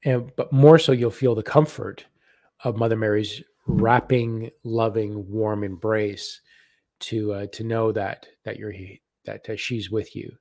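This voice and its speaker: Gentle halting man giving spiritual readings. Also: fairly low pitch, fairly even intonation, no room sound, studio quality. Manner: gentle, halting, repeats words while channeling. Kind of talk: live-stream spiritual reading.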